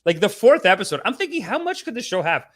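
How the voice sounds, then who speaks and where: Brief: young male host, higher-pitched voice, loose and swearing, acts out quotes for laughs. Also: quick pace. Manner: animated and profane, acting out others in mock voices. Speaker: show host reviewing a documentary series. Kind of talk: casual rambling review monologue.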